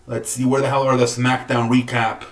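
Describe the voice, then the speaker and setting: A man's voice: mid-range voice, flat delivery, normal speed. Cursing, rambling man in an echoey room. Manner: swearing, frustrated, rambling with restarts. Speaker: podcast host. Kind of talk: casual solo sports talk. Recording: echoey room, distant from the mic.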